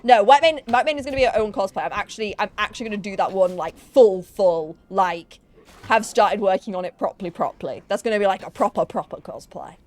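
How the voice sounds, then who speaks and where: A woman's voice: mid-range voice, fast. A young woman chatting casually on a live gaming stream, bubbly and self-mocking.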